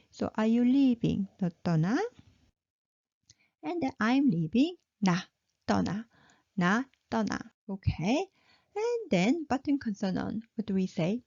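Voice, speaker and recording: A woman with a Korean accent teaching a language lesson, speaking slowly and patiently and repeating words for practice. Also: mid-range voice, warm tone, no room sound, lo-fi sound.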